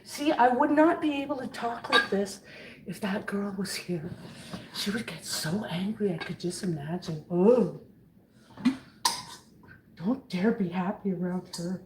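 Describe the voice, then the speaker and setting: A woman cooking in her kitchen for a vlog chats and jokes with her viewers on camera. Her medium-pitched voice has lively intonation, and she speaks unhurriedly, pausing often, with noise in the background.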